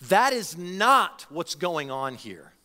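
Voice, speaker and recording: A man in his forties preaches from the pulpit with a high, bright voice that rises and falls dramatically. He acts out the voices of imagined listeners as he makes his points. The sound carries a long reverb from the church sanctuary. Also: slow. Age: 40s. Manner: animated preaching, acts out the voices of people he quotes. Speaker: pastor. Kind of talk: sermon.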